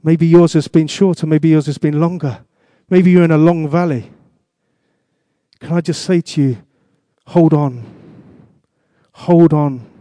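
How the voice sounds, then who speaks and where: A man's voice: fairly high pitch, steady tone, moderate pace, warm tone, no room sound. A man preaching a sermon as pastor, asking the congregation questions and repeating his exhortations.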